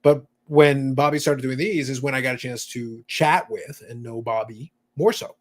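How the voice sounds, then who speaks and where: In a steady, medium-pitched voice at a moderate pace, a male podcast host chats casually about his hobby. He drops lots of fillers and reads out viewer comments in between his thoughts.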